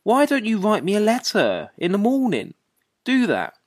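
A woman's voice: medium pitch, wildly swooping pitch, moderate pace, dry recording, clean studio sound. A woman voicing Jack, a careless and easily irritated man on the phone, in a dialogue drama reading. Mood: impatient. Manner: brusque, offhand and easily irritated. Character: careless, impatient man on a bad long-distance phone line.

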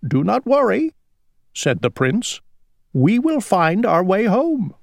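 A woman's voice: mid-range voice, big pitch swings, slow, creaky, a little mellow, dry recording, studio quality, voice pushed up, full character voice. A woman voicing a brave, smart young elephant prince in a storybook who speaks eagerly and reassuringly.

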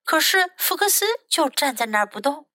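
Woman teacher, high and bright, slow expressive storybook read-aloud for kids; dry close mic. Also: no room sound. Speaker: English teacher reading aloud. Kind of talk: bilingual storybook reading for children.

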